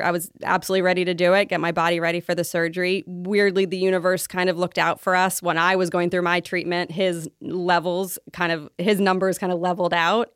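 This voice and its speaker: A woman in her thirties shares her story on a casual podcast in an open, upbeat manner. Her voice is smooth and clear, a little low for a woman. It sits close and dry on the mic. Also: no echo. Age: 30s. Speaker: guest. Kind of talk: casual interview chat.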